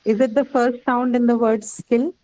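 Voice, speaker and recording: A woman's voice: a little high, fairly even intonation, normal speed, warm tone, low-quality recording. A woman teacher with an Indian English accent, lecturing a class on phonetics and often checking understanding. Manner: patient, explanatory, checks understanding with frequent "right?" and "okay".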